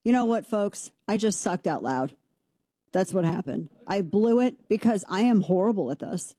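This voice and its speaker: A woman hosts a commentary show, firing off sarcastic rants. Her voice is mellow and dark in tone. It is recorded dry and close, with no room sound. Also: mid-range voice, animated, breathy edge, dry recording. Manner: sarcastic, rapid-fire ranting. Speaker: host.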